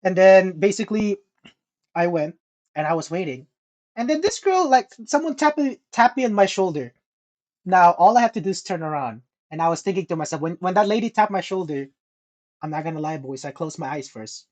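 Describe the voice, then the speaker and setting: A man's voice: high-pitched, fairly quick. A young man co-hosting a podcast, telling a story in casual chat with lots of swearing and laughter. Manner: animated, profane, laughing storyteller. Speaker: podcast co-host.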